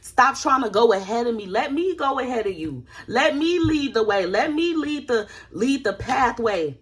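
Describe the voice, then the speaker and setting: A woman's voice: on the high side, expressive, normal speed, husky. A woman preaching a fervent prophetic word, repeating phrases and crying out "ooh" and "my God".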